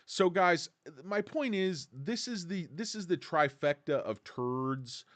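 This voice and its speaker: Male streamer, lively swinging pitch, dry close mic, sarcastic casual rant. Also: takes it slowly, dry recording. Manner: animated, sarcastic, mocks analysts with put-on voices. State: tired. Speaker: stock commentary livestream host.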